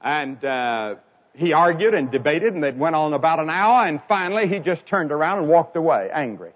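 A man delivers an evangelistic sermon in a fairly high voice that leaps up and down in pitch. He tells his stories dramatically, rising to loud cries and dropping to hushed lines. The old recording sounds dull and lo-fi. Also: expressive, moderate pace. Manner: dramatic storytelling with sharp swings in pitch and loudness. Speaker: preacher.

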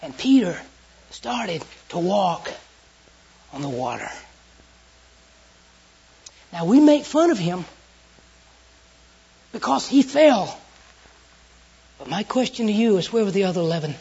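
Husky Southern US preacher. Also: mid-range voice, sing-song, takes it slowly, long pauses. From Southern United States. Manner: storytelling and earnest, with sudden hushed and loud turns. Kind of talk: sermon. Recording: dull lo-fi recording.

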